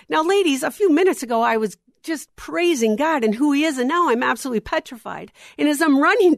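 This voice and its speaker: A middle-aged woman preaches to a room of women, weaving a personal story into her message and acting out the voices in it. Her voice sits a little high, and the sound is dry and close. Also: no room sound. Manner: animated storyteller, acts out dialogue. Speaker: women's ministry speaker.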